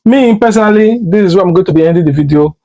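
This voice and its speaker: Nigerian guy talking to his viewers, high-ish voice, earnest, setting the record straight. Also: fast talker, mellow, a little hiss or hum, poor audio. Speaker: commentary vlogger. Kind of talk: casual commentary to camera.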